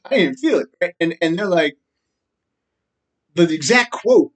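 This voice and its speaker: A man's voice: a little high, expressive, normal speed, pauses often. A man in a rambling, agitated, profane monologue, laughing often and tagging his sentences with "right?". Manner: frequent laughs and repeated "right?". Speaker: vlogger.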